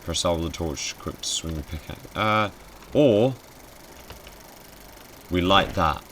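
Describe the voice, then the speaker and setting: A man's voice: sits low, lively intonation, takes it slowly, fairly bright tone, slight background noise. A man commenting casually on a game he is playing, sarcastic, swearing a lot and easily startled. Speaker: game streamer.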